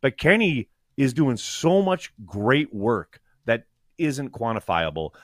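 A man co-hosting a podcast in casual sports chat, animated and swearing, with quick restarts. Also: medium pitch, dry recording, studio quality. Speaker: podcast co-host.

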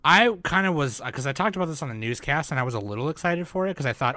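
A man's voice: fairly high pitch, animated, fast, pushed and bright, no echo. A man co-hosting a casual chat about anime, rambling with lots of fillers and bursts of laughter. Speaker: podcast co-host.

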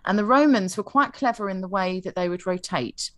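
A woman's voice: mid-range voice, brisk, fairly bright tone, no echo. A young woman on a casual history chat, telling the story in a chatty way with fillers and a readiness to laugh at herself.

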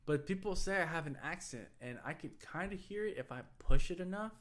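A man's voice: a little high, lively intonation, brisk, a bit bright. A young man with a light Texan accent, chatting casually as a podcast co-host, swearing freely and laughing easily. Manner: laid-back, profane, laughs easily. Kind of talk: casual chat.

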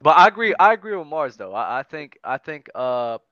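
A man hosting a casual basketball talk podcast, animated and chatty, often calling others "bro". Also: a little high, brisk, smooth, muffled recording. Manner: animated, says "bro" a lot, restarts. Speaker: podcast host. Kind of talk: casual basketball debate chat.

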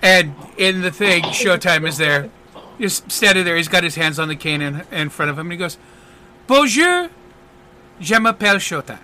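Man, game master, casual narration, high voice, very bright, faint hiss. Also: fairly even intonation. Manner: loose and quick, with lots of fillers.

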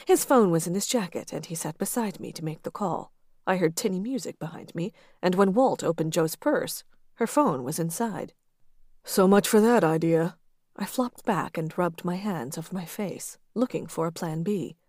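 Low-voiced woman reading intimate fiction. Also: lively intonation, normal speed, darkish tone, dry recording, studio quality. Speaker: audiobook narrator. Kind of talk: first-person fiction reading.

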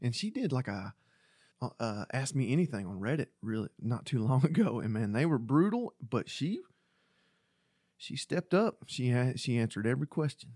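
Excitable man with a husky voice. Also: medium pitch, moderate pace, no room sound, clean studio sound. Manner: excitable, profane, laughs often. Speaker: podcast co-host. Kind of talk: casual chat.

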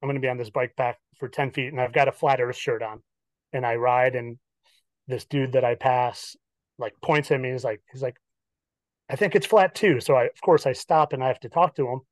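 A man's voice: mid-range voice, a little fast, no echo. Chatty storytelling man, dry close sound. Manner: animated, acts out quoted dialogue, many "like" fillers. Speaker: podcast guest. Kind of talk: casual storytelling chat.

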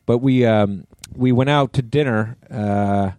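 A middle-aged man chats on a podcast in a relaxed, mellow voice. His stories wander, with plenty of restarts and casual swearing, and the close, dry studio sound keeps him right up front. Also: medium pitch, a little slow, no echo. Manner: rambling storyteller with many restarts and profanity. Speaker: podcast co-host. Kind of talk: casual chat.

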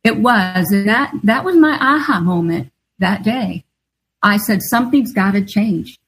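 A woman's voice: medium pitch, expressive, measured pace, fairly bright tone, breathy edge, poor audio. A middle-aged woman, an author and guest, telling a personal story in an earnest, confessional way. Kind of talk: storytelling interview answer.

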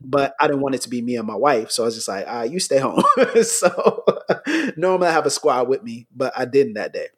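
A middle-aged American man, a pastor, telling stories in a relaxed podcast conversation, laughing between points. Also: mid-range voice, a little fast.

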